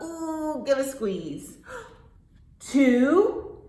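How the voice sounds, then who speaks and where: A high-voiced woman running a children's storytime, animated and sing-song, gasping with delight as she reads and sings. She speaks at an unhurried pace. Her voice rings around an echoey classroom. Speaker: children's librarian. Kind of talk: children's storytime with songs and signing. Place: library classroom. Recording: echoey room.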